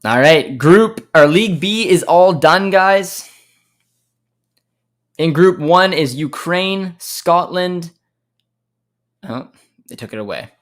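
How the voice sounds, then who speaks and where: A man's voice: fairly high pitch, slow pace, pauses often, a bit bright. A young man from Canada hosting a casual live stream, reading viewer comments aloud and answering them with frequent laughs. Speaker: host.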